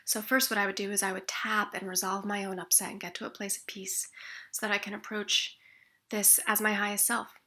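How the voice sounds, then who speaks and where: A woman explaining emotional tapping, speaking expressively and sometimes dropping to a soft near-whisper. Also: mid-range voice, flat delivery, fairly quick. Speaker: tapping practitioner. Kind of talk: instructional explanation with demonstrations.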